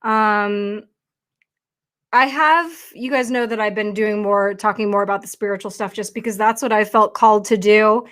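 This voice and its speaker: A woman's voice: medium pitch, fairly even intonation, moderate pace, a bit bright. A woman hosting a casual livestream, talking chattily and rambling with lots of fillers into her computer mic. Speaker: livestream host.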